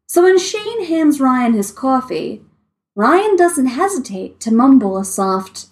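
Woman narrator reading a story aloud; lively, animated pitch. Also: slow. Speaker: story reader. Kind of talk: reading fan fiction aloud.

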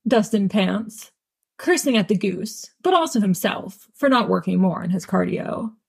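Gravelly, husky woman narrating a story. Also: medium pitch, lively intonation, measured pace. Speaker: audiobook reader. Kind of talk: fan audiobook narration.

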